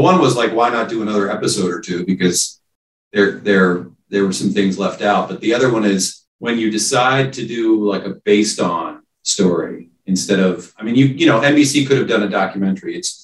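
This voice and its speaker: Rich: A man with a fairly low voice talks at length in a casual discussion, stumbling over repeated words. He sounds set back from the mic in a roomy space. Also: distant mic.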